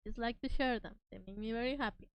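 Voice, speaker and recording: Talking fast in a slightly high, smooth voice, a Spanish-speaking woman hosts a casual VTuber livestream from home. She gets excited, giggles, and apologizes frequently. The recording is dry.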